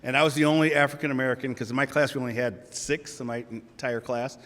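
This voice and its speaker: A man's voice: medium pitch, fairly even intonation, fast, fairly bright tone. Emotional man speaking in a reverberant hall. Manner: emotional, storytelling, conversational with laughs. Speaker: award recipient. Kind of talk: acceptance speech.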